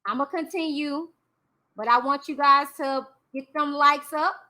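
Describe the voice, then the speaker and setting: Slow-talking high-voiced woman commentator. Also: pushed and bright. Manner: chatty, reacts with drawn-out hums. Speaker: commentator reading a court document. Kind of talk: casual live-stream commentary.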